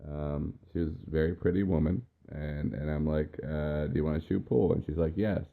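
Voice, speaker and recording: A man's voice: very deep voice, fairly even intonation, moderate pace, creaky. A tipsy man co-hosting a casual podcast, talking in a loose, rambling way while drinking. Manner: loose, rambling, drunk-sounding. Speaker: podcast co-host. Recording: lo-fi, phone-like sound.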